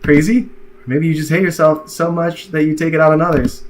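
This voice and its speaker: A man's voice: a little high, flat delivery, a little fast, slight background noise, voice pushed down, lightly acted. A man reading the lines of a short-tempered young girl from a game, snappy and accusing. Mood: indignant. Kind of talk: reading game dialogue aloud.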